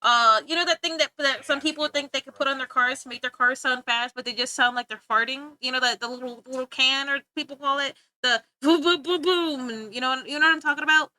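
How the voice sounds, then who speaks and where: Bright, high-voiced woman streamer chatting playfully. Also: fairly even intonation, fast, hardly any pauses, smooth. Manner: playful, giggly and rambling, often breaking off to laugh; joking, teasing banter with chat. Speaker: livestreamer. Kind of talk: casual live-stream chat with viewers.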